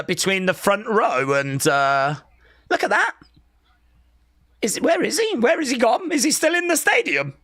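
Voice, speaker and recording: Watch-along host: unhurried, gravelly, excitable reaction commentary. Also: mid-range voice. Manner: excitable, shouts and laughs, chatty asides.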